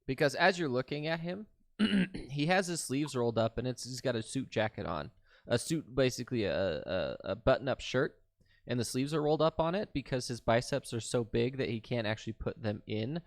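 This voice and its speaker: A man narrating as game master of a tabletop role-playing session, casual and halting. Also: medium pitch, dry recording, clean studio sound.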